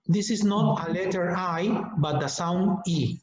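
A man teaching English pronunciation in an online webinar, modeling words slowly and deliberately for students to repeat. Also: sits high. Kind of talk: online webinar lesson, drilling sounds. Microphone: computer mic on a video call. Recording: echoey, dull lo-fi webinar audio.

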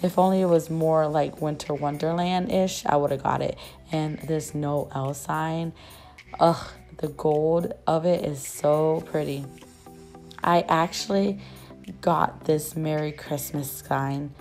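A young woman vlogger, her voice still rough after losing it, chatting and gushing in a casual shop-with-me voice-over. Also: sits low, steady tone, slow pace, darkish tone, soft background music. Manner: gushing, chatty, many fillers. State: rough voice, just recovering.

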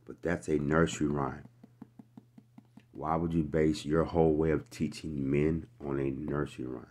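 A man with an extremely deep, low voice reads scripture aloud and comments on it line by line. He talks plainly and slangily to his viewers, repeats himself for emphasis and grows heated as he preaches. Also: little pitch movement, moderate pace, darkish tone. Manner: casual and slangy, talking straight to viewers. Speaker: scripture teacher. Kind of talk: verse-by-verse scripture reading and commentary.

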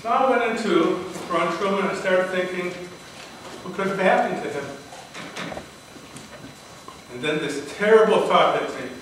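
The voice is high-pitched, a bit bright and fairly quick, with slight background noise. An older man recounts a personal story earnestly and dramatically in a prepared speech-contest talk, captured by a distant mic in a large, echoey hall with faint ambience.

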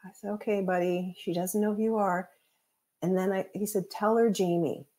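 Guest, woman, mid-pitched, chatty anecdotal delivery, casual podcast talk. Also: fairly even intonation, normal speed, dark tone. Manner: chatty anecdotes with laughs and acted quotes. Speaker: guest, psychic medium. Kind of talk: casual storytelling chat.

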